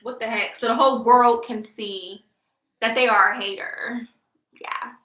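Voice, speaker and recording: A young woman speaking rants on a casual livestream, sassy and mocking with frequent laughter. Her voice sits high and sounds bright and sharp. The room around her is echoey. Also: steady tone, measured pace. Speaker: vlogger.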